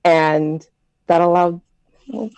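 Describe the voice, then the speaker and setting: American woman, mellow low voice, dry close sound, chatty storyteller in a group talk. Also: takes it slowly, clear, resonant tone, dry recording, rough recording. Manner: chatty, reflective storytelling with many fillers. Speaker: discussion participant. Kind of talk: casual group discussion.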